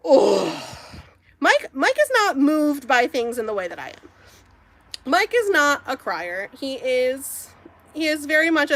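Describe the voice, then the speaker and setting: A woman's voice: high-pitched, very animated, moderate pace, a bit bright. Chatty young woman gushing casually. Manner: gushing, chatty, rambling with many fillers. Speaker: crochet vlogger. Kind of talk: casual chat while crafting.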